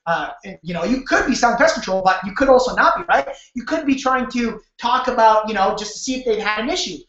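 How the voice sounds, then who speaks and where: A man's voice: very high-pitched, expressive, fast talker, hardly any pauses, a bit bright. Man, sales coach, live webinar, rambling with restarts, roomy echo, muffled computer mic. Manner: rambling, frequent restarts, acts out door-step scenes. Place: home room on a video call. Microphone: computer mic on a video call. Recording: echoey, dull webcam audio.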